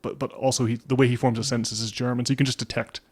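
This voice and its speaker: A man's voice: mid-range voice, little pitch movement, very fast. Rambling male podcast co-host. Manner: rambling, lots of restarts and fillers. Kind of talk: casual podcast chat.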